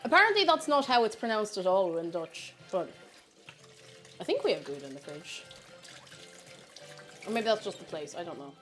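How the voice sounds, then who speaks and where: A woman's voice: medium pitch, big pitch swings, normal speed, pauses often, fairly bright tone, soft background music. A woman chatting bubbly on a livestream, reading chat messages aloud while she bakes. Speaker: streamer.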